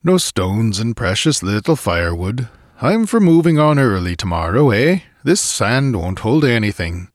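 A man voicing a calm, practical Swedish adventurer who talks in a brisk, matter-of-fact way, in a spoken-word story reading. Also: mid-range voice, dry recording, studio quality.

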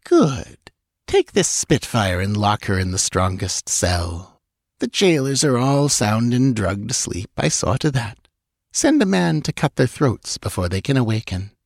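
A man's voice: medium pitch, very animated, a little slow, gravelly, dry recording, clean studio sound, pitched above the performer's own voice, exaggerated voice. A man doing a gloating young witch woman. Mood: commanding. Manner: cold, mocking, commanding.

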